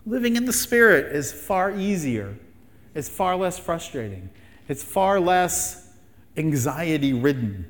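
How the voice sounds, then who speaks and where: A man's voice: on the high side, big pitch swings, slow, big-room sound. A man preaching a sermon as pastor, emphatic and fond of rhetorical questions and repeated phrases.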